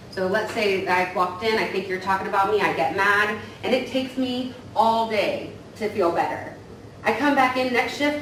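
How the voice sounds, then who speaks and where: A woman counselor teaching a staff training in a relaxed, conversational way, often tagging her points with "right?". Her voice sits at an ordinary pitch for a woman. It is picked up from a distance in a large, very echoey room, with faint noise underneath. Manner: casual, tags points with "right?".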